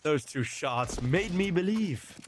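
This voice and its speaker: A man casting a live match with play-by-play commentary, excitable and quick to exclaim between calls. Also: fairly high pitch, slight background noise. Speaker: esports caster.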